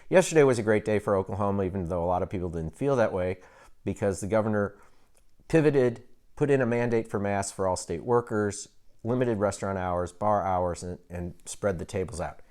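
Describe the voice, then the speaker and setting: A man, a physician, giving a casual update to camera, frustrated and animated, with frequent chuckles. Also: fairly low pitch, fairly quick.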